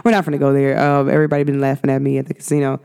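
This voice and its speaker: Speaking rapid-fire in a rumbling low voice with a clean tone, this woman is an astrology vlogger talking casually to camera. Her delivery is animated and full of slang, aimed straight at her viewers.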